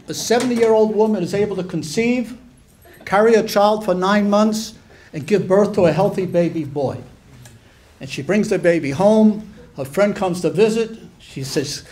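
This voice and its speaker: A man's voice: normal speed, a little mellow. An older man telling stand-up jokes at a community show, slipping into the voices of bickering old couples. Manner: voices Yiddish-flavored old couples, rising shrill for the wives. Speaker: amateur stand-up comedian. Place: community hall stage before a live audience.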